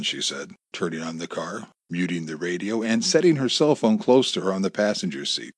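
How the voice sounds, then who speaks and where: A man's voice: low-pitched, expressive, no echo, clean studio sound. A man narrating a suspense novel as an audiobook reader. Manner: measured storytelling with dramatic voices. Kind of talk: scripted narration.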